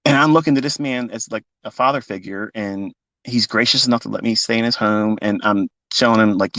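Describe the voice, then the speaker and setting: A fifty-year-old man with a gravelly voice, telling a personal story off the cuff in a blunt, emotional way with plenty of swearing. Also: on the low side, a little fast, fairly bright tone, no room sound. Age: 50s. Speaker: trading educator on a live talk. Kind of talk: unscripted live talk.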